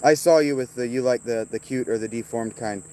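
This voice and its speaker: A man with a mellow, darker tone chats loosely on a livestream, drifting between stories and profane jabs at his viewers. His voice sits at an ordinary pitch, and faint crickets hiss behind him outdoors. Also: a little fast. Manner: profane, taunting viewers by name, rambling. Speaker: streamer reading chat. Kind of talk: casual livestream chat.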